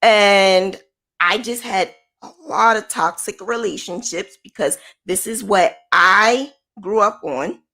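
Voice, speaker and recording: Candid, emphatic woman mentor. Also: takes it slowly. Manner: candid, emphatic, conversational, with lively pitch swings. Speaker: small business owner and mentor. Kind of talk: motivational personal talk to camera.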